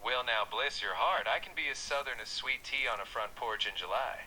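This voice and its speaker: Bright synthetic male assistant voice. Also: medium pitch, a little fast, a little hiss or hum, low-quality recording. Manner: calm, reassuring.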